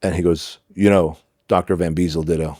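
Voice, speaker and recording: A middle-aged podcast guest with a warm, low-pitched voice talks a little fast with fairly even intonation, recorded cleanly in a studio without echo. In a candid interview, he tells personal stories emphatically, acts out dialogue, and curses now and then.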